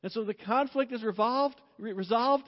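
A man preaching a sermon as pastor, storytelling in a chatty way, laughing often and softening when reflective. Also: extremely high pitch, moderate pace. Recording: dull sound with long hall reverb.

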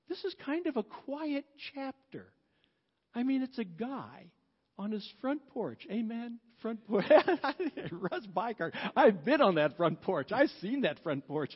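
A man preaching a sermon as pastor, storytelling in a chatty way, laughing often and softening when reflective. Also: high voice. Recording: dull sound with long hall reverb.

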